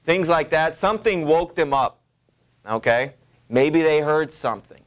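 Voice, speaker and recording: A middle-aged male literature teacher lectures his class in a loose, conversational way. He leans on ums and you knows as he explains, and his voice sits a little higher than most men's. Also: expressive, a little slow. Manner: casual, filler-heavy explaining with many ums and you knows. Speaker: high school literature teacher.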